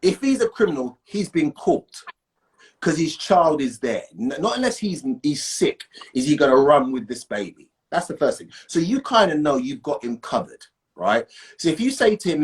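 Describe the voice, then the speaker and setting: A man's voice: fairly high pitch, normal speed. A man, a guest in a casual conversation, talking emphatically and checking in with "right?". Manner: animated, emphatic, asks "right?" often.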